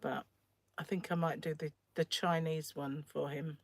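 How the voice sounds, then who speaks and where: Woman, croaky, low-ish voice, dry phone recording, rambling casual livestream chat. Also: steady tone, unhurried, no echo. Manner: chatty and rambling, often trails off. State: croaky, keeps clearing throat. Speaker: crochet livestream host.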